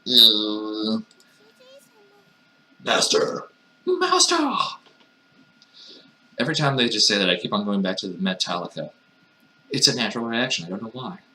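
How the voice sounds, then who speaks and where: A low-voiced man with a bright, forceful edge to his sound reads game text aloud. He keeps breaking off into wry, mocking asides, playing the dialogue for laughs. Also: quick pace, slight background noise. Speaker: let's player reading a visual novel aloud. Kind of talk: comedic reading with sarcastic asides.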